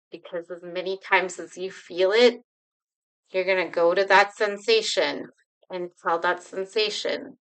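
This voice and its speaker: A woman leading a slow, soothing guided healing exercise, speaking directly to viewers from home. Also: lowish voice, a bit bright, clear, resonant tone, rough recording. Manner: slow, soothing, repetitive guidance. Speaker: healing coach.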